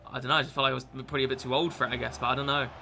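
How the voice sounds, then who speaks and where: A British gaming streamer in his twenties chats and swears freely late at night, rambling in laid-back game commentary. His mid-range voice is gravelly, sharp, flat in delivery, and very fast, with faint music behind him.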